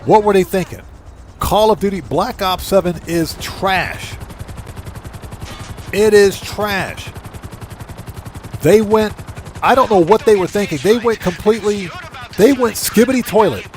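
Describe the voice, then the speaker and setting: A man's voice: sits high, unhurried, long pauses, darkish tone, a little hiss or hum. A man hosting a live gaming stream, chatting casually, greeting viewers by name, and breaking into emphatic rants. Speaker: livestream gaming host.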